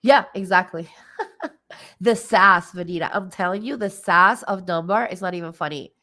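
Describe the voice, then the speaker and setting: A woman's voice: on the low side, moderate pace, sharp tone. Chatty, giggly woman livestream host. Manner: chatty and giggly, with many fillers. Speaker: livestream host and spiritual reader. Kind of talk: casual livestream chat.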